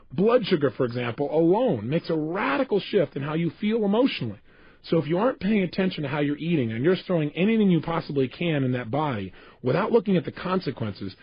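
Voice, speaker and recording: A man's voice: fairly high pitch, husky, no echo. A man speaking as a motivational speaker on a recorded self-help tape, passionate and emphatic, addressing the listener directly. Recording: dull lo-fi tape.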